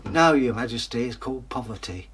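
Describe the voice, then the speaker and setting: A filthy, poor tramp who speaks in a low, glum grumble, self-deprecating and a bit cheeky, as a man puts him on. He sounds humble in a storybook tale told aloud. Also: lively intonation, brisk, fairly bright tone, a little hiss or hum, close to an everyday voice.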